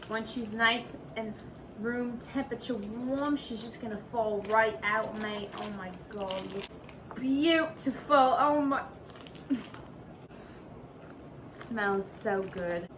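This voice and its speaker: A woman hosting a casual home cooking video in her kitchen, talking in playful, profane mock-chef banter. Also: a little high. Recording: noisy room ambience.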